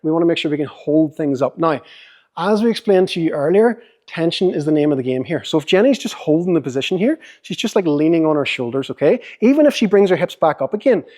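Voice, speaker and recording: A man's voice: on the high side, animated, quick pace, mellow. A young man with a Northern Irish accent coaching a volunteer through core exercises in a seminar, upbeat and joking. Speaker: fitness coach. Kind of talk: seminar demonstration.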